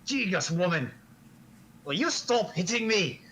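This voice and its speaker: A man's voice: high-pitched, sing-song, measured pace, background noise. A man playing a crude, hard-drinking man who calls everyone dearie and swears a lot. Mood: cheeky. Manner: crude and cheeky, swears often.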